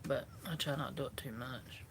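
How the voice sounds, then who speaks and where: A woman's voice: very deep voice, steady tone, a little fast, gravelly, background noise. A woman with a South Carolina Southern accent, chatting casually and rambling easily with viewers, recorded on a phone. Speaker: vlogger. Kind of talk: casual live chat with viewers.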